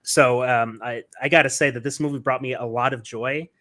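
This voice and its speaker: A man's voice: mid-range voice, steady tone, brisk, bright, forceful tone. A man hosting a podcast interview, talking in a casual, enthusiastic and rambling way, with lots of fillers and restarts. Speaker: podcast host.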